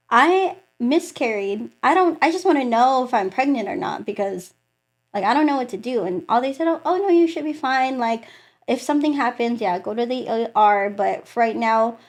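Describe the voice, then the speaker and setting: Her voice on the high side, a young woman describes her faith story in an interview with animation. She acts out the voices of the people she quotes and says "like" a lot.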